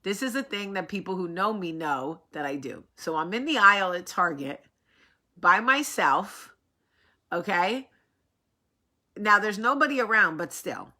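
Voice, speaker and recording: Bright-voiced New York-accented woman storyteller. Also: medium pitch, a little slow. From New Jersey. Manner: animated, swears freely, laughs while telling. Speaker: host. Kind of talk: casual storytelling chat.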